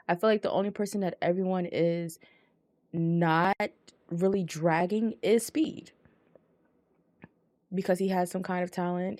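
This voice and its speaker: A woman's voice: fairly low pitch, mellow, no echo, clean studio sound. A woman co-hosting a wrestling podcast, talking bluntly in casual chat and swearing freely. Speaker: podcast co-host.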